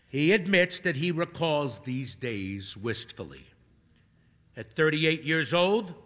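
Unhurried, animated male storyteller. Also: a little high, big-room sound. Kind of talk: comic story narration.

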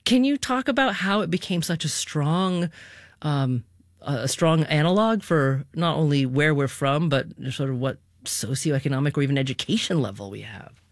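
A woman hosting a public radio talk show, asking measured, thoughtful questions into a studio microphone. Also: deep voice, lively intonation, no echo.

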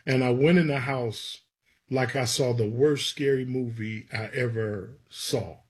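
A man's voice: medium pitch, measured pace, a little hiss or hum. A man, a gospel songwriter, telling stories from his life in an interview and acting out the people he quotes. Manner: animated storyteller who acts out quotes. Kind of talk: storytelling interview.

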